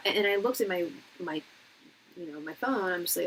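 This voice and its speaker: A woman in her late thirties giving advice on a live tarot stream, telling stories in an animated, emphatic way with lots of "like" and restarts. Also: lowish voice, fast talker, a little hiss or hum, poor audio. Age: late 30s. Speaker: tarot reader and psychic hosting a live reading.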